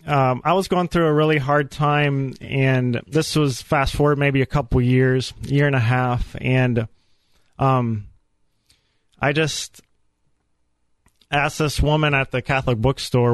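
A man giving an earnest, animated personal faith testimony as a guest on a radio show. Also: medium pitch, slow pace, smooth, no echo. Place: radio studio.

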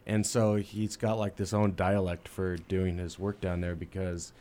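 A man's voice: deep voice, flat delivery, unhurried, dark tone. A man hosting a comedy podcast, easygoing, laughing often and asking short questions. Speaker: podcast host.

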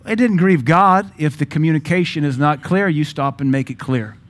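A pastor preaching to his church in a lively, joking way. He hammers points home with sudden emphatic bursts, then drops back to plain talk, a man in mid-sermon. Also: on the high side, moderate pace.

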